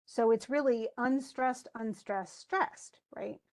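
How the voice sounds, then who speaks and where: A woman's voice: on the high side, slow. A woman teaching an English class, reading a poem aloud and then explaining its stresses with frequent restarts. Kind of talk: classroom lesson.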